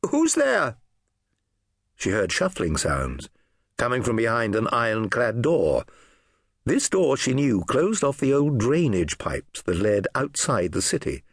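A man narrating a historical novel audiobook in an expressive storytelling manner. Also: mid-range voice, a little slow, breathy edge, no echo, studio quality.

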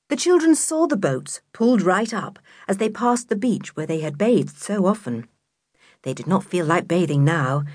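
A woman narrating a children's book in an expressive, measured storytelling voice, close to a studio mic. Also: fairly low pitch, no echo. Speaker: audiobook narrator.

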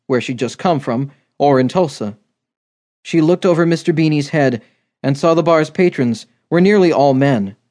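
A man reading a romance novel aloud in steady, measured scripted narration. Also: mid-range voice. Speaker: audiobook narrator.

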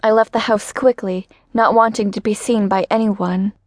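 A woman narrating a first-person romance audiobook in an even, measured reading voice. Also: medium pitch, no room sound, studio quality.

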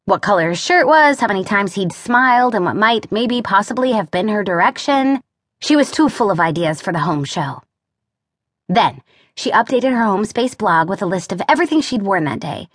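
Woman audiobook narrator, middle pitch, wry and expressive; close, dry studio read. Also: normal speed, no echo. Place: recording studio. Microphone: close studio mic.

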